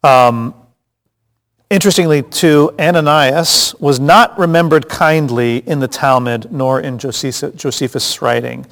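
A man's voice: a little high, measured pace, vocal fry, a bit bright. A man teaching a casual Bible study, chatty and joking, with frequent restarts and asides. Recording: long hall reverb.

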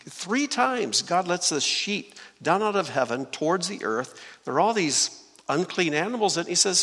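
A man preaching in a large hall with a long ringing reverb, his voice bright and forceful. His pitch swings widely as he teaches scripture and puts questions to the congregation. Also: normal speed. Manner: lively, asks the congregation questions.

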